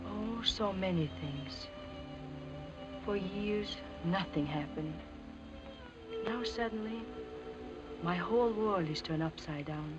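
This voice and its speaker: Brief: a teasing young sweetheart, fairly high, with orchestral music behind. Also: female voice, animated, normal speed, muffled recording. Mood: soft. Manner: eager, teasing, soft-spoken. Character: wide-eyed young woman skater in love. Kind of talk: 1930s film acting.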